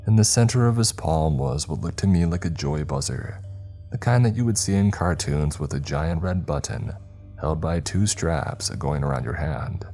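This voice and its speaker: Very deep-voiced male horror narrator. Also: normal speed, warm tone, faint music behind.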